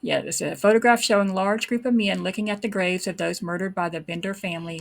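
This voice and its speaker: A woman's voice: medium pitch, fast, gravelly, hardly any pauses. A woman hosting a true crime show, reading historical documents aloud and adding casual, unsure comments of her own. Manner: reads old texts then comments in an offhand, unsure way. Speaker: true crime podcast host.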